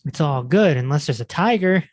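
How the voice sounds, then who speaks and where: A man hosting a podcast, talking in a relaxed, reflective way and chatting casually with his guest. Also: fairly high pitch, moderate pace, no room sound. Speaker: podcast host.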